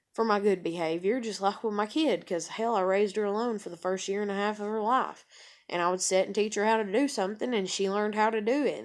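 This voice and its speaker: A woman talking frankly in a personal vlog, rambling and swearing freely. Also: mid-range voice. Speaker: vlogger.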